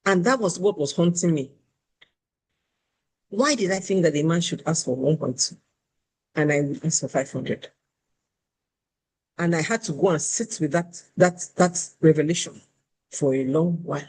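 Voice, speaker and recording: A woman host, candidly telling a self-deprecating personal story in an animated conversational way. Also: low voice, moderate pace, pauses often, husky.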